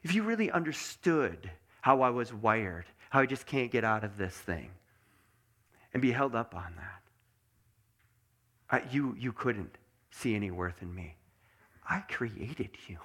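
A man preaching a sermon, earnest and intimate, sometimes dropping to a hush. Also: mid-range voice, sing-song, measured pace, long pauses. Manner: acts out dialogue, then drops to a hushed, earnest delivery. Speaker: pastor.

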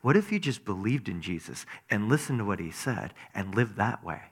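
A man preaching a sermon, animated, quizzing his listeners, and moving between loud emphasis and hushed asides. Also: lowish voice, moderate pace, slightly rough. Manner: animated, asks the audience questions, swings between loud and hushed.

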